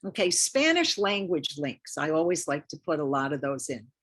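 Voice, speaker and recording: Here the lymphedema lecturer sounds low-pitched, slightly rough and fairly bright, speaking at normal speed but very animated. She's an older woman at a community center health talk, chatty, encouraging, and prone to repeating herself for emphasis.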